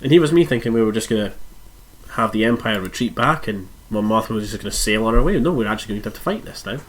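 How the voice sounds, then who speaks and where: A man live-streams a strategy game, thinking aloud through his moves, musing and correcting himself. His congested, nasal voice is fairly low in pitch, animated and quick.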